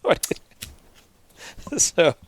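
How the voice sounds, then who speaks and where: A man's voice: very slow, no echo. A man co-hosting a casual comic review podcast, joking and laughing often. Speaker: podcast co-host.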